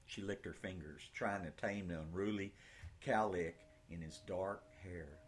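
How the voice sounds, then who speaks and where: A man reading an audiobook in slow, measured scripted narration. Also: low-pitched, slightly rough.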